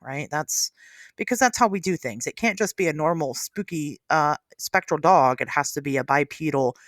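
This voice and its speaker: A podcast host from the United States talking in lively casual chat, laughing often. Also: medium pitch, moderate pace, no echo, clean studio sound.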